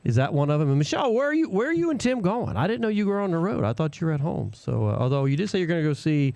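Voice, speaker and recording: A man co-hosting a live radio show in casual chat, animated, laughing and rambling between asides. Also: fairly high pitch, rapid-fire, gravelly, no room sound. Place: small radio studio.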